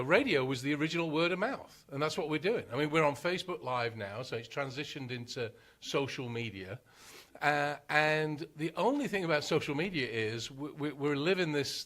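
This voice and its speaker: A man's voice: fairly high pitch, fairly bright tone. A man as a marketing guest on a radio show, talking casually in a studio, chatty with many fillers and restarts. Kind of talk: casual radio interview talk. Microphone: studio microphone.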